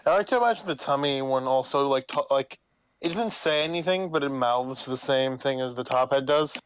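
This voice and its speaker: Guy riffing jokes over a game, smooth clear voice, dry sound. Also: medium pitch, a little fast, dry recording, low-quality recording. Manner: rambling, jokey, swears. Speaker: player. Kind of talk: casual chat over a game.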